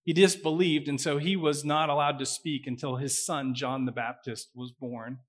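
A man preaching a sermon, swinging between loud emphasis and quiet asides. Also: on the high side, fairly even intonation, moderate pace. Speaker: pastor. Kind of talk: sermon with scripture reading.

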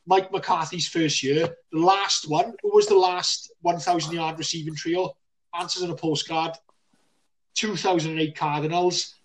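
A man co-hosting a casual sports podcast, excitable and full of banter, laughing often. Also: a little high, normal speed, distant mic. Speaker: podcast co-host.

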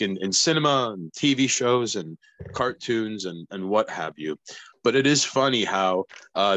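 A man co-hosting a podcast in casual chat, halting and repeating words as he searches for them. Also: fairly low pitch, bright, forceful tone, no echo.

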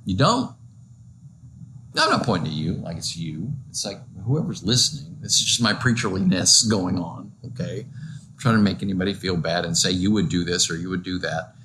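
A man's voice: low-pitched, expressive, moderate pace, background noise. A male pastor giving a conversational, joking sermon full of rhetorical questions to his listeners.

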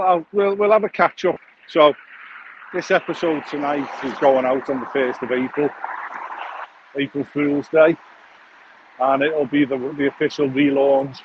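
A man, hosting a podcast in a crude, jokey, rambling monologue full of swearing and restarts while walking outdoors on a phone mic. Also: mid-range voice. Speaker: podcast host. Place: outdoors, walking along a street. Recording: dull lo-fi sound with faint outdoor noise.

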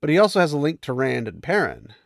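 Pitched on the high side and creaky, this male voice swoops wildly and moves fast, recorded studio-clean without echo. As a book recap host, he breezily retells a fantasy novel, amused, laughing at it and lightly acting out the characters.

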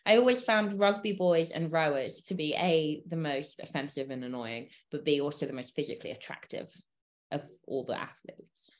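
A woman's voice: low-pitched, moderate pace. A British woman co-hosting a podcast, chatting casually with blunt teasing humor and frequent laughter. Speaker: podcast co-host.

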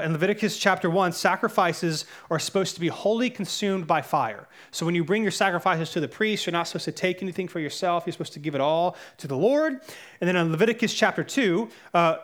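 A man's voice: sits high, a bit bright. A man in his thirties preaching a sermon as pastor, earnest and conversational, with fillers and self-corrections.

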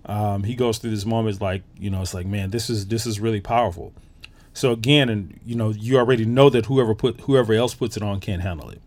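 A man's voice: lowish voice, a little fast, few pauses, a little mellow, no room sound. A man hosting a podcast, giving a casual, enthusiastic movie review full of fillers and restarts. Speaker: podcast host.

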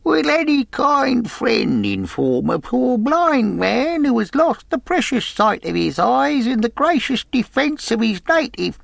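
A cruel blind pirate beggar, high sing-song. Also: male voice, creaky, dry recording, clean studio sound, heavily acted. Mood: wheedling sing-song. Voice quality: cold, cruel and ugly voice. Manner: odd wheedling sing-song.

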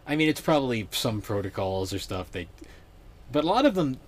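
A man's voice: mid-range voice, very animated, a little fast, a little hiss or hum. A young man hosting a podcast in laid-back, rambling casual chat. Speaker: podcast host.

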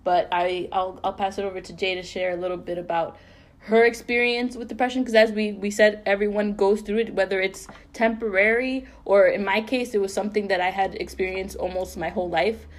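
A young woman co-hosting a podcast, telling a painful personal story in an earnest, halting way full of fillers and restarts. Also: mid-range voice, steady tone. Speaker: podcast co-host.

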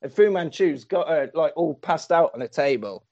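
A man retelling a story in a casual comic way, excitable, laughing and swearing freely. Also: a little high, normal speed, lo-fi sound.

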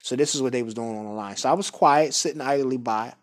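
A man's voice: mid-range voice, fast. A man casually telling a personal story in a laid-back, conversational way. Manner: laid-back, conversational, with frequent fillers and asides. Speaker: guest speaker.

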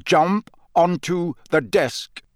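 A man's voice: high voice, drawn-out words, no echo, studio quality, pitched above the performer's own voice. A man doing a growling old wizard drill master. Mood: commanding. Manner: growling, barking commands. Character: gruff paranoid old male wizard teacher.

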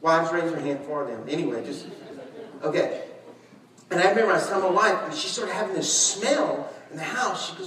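A man preaching a sermon, telling stories animatedly, shouting and laughing as he acts out conversations. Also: on the high side, lively intonation, a little fast. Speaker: pastor. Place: large church hall. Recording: echoey church hall, distant mic.

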